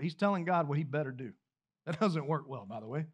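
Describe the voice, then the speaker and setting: A man with a fairly high voice delivers a sermon to his church. He preaches in a loose, conversational way, asking his listeners questions and circling back over his words as he goes. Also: animated, a little fast, husky, lo-fi sound. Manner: repeats words and restarts phrases while speaking freely. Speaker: pastor. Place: church sanctuary.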